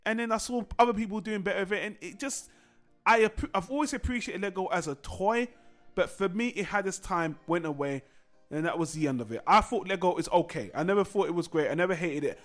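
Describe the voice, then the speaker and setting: A man's voice: high voice, expressive, brisk, soft background music. A man hosting a casual chat show, talking in a rambling, conversational way with frequent restarts. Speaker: podcast host.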